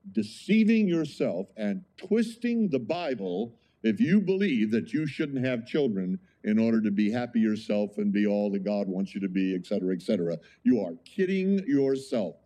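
A man's voice: on the low side, big pitch swings, moderate pace, warm tone. A man preaching a sermon as pastor, conversational, with frequent rhetorical questions to the congregation.

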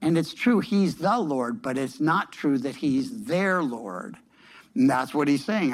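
A man preaching a sermon in an unhurried, conversational teaching tone, often repeating words and restarting his phrases. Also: fairly high pitch, very animated.

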